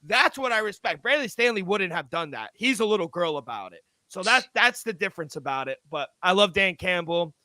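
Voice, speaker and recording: A man's voice: sits high, animated, a little fast, few pauses, bright, forceful tone, no echo. A man co-hosting a sports betting podcast, talking emphatically and swearing freely as he gives his picks. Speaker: co-host.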